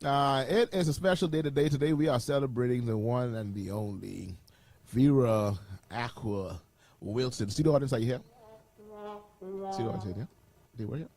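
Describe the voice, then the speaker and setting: A man from the Bahamas co-hosting a casual morning radio show in a studio, joking, laughing often and trailing off quietly. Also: medium pitch, normal speed, pauses often, no echo.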